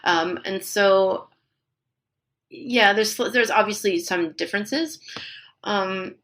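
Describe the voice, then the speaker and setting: A middle-aged woman, chatting as a podcast guest. Her voice is bright and forward. She explains things at length and laughs easily between points. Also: medium pitch, slow pace. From Canada. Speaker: linguist guest. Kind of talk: podcast interview.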